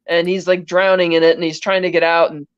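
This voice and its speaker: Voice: medium pitch, level tone, fast, smooth, dry recording, highs cut off. A podcast co-host casually recapping a film scene by scene, in a chatty, rambling way full of "he's like" asides. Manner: rambling, chatty retelling with many "he's like" quotes.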